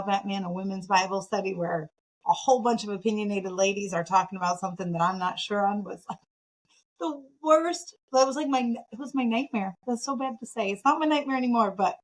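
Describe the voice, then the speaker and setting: Woman from Michigan, interview guest; mid-pitched, lively, self-mocking storyteller. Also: rough recording. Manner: animated, self-deprecating, laughs often. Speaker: podcast guest, nonprofit founder.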